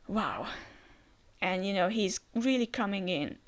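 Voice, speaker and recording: A woman's voice: medium pitch, animated, unhurried. A woman hosting a casual comic reaction, speaking enthusiastically with frequent fillers and restarts. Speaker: reaction channel host.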